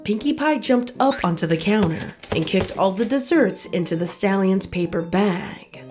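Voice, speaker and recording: A woman reads a pony fan story aloud in an even, storytelling manner. Her voice sits at a middle pitch. Faint music plays behind her. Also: moderate pace. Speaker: fanfic narrator. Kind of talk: storybook reading.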